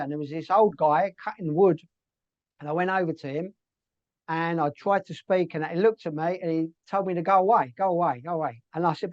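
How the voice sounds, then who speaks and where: A middle-aged British man with a high voice tells stories a little fast as a guest in a casual interview, chatty and full of fillers and restarts. The recording is dry and muffled.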